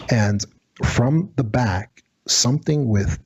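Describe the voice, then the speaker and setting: A man with a low, husky voice tells an eerie story as a radio guest. His telling is halting and dramatic. The sound is dry and close. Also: a little mellow, no echo. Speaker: guest, former federal agent.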